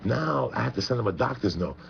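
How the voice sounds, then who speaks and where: Fast, gravelly, foul-mouthed man. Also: medium pitch, expressive. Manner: rambling, profane, emphatic. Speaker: guest. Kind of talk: heated profane talk radio chat. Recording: muffled radio broadcast with faint hum.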